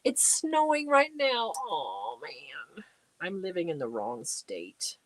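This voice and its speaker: A woman's voice: lowish voice, sing-song, slow pace, fairly bright tone, no room sound. A middle-aged woman hosting a casual livestream, chatting away and reading out and answering viewer comments. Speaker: livestream host. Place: home crafting space.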